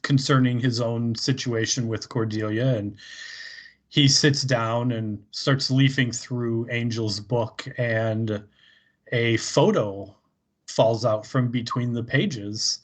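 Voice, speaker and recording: A man's voice: mid-range voice, steady tone, takes it slowly. A man co-hosting a podcast, casually recapping an episode, rambling with lots of fillers and frequent laughter. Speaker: podcast co-host.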